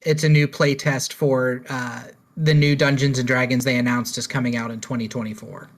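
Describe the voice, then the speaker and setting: Male podcast co-host, mid-pitched, plain, matter-of-fact news relay. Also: little pitch movement, normal speed. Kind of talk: casual chat.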